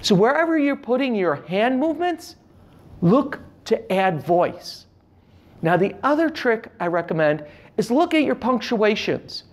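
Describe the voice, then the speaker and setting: Animated male speaking coach. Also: high-pitched, measured pace. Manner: animated, emphatic delivery with shifting inflection; demonstrates with hand gestures. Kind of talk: instructional talk to camera.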